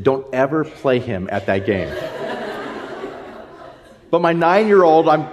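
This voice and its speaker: A man's voice: mid-range voice, big pitch swings, moderate pace, long pauses, a little hiss or hum. A man in his thirties, a pastor telling a rambling family story in a sermon with many fillers.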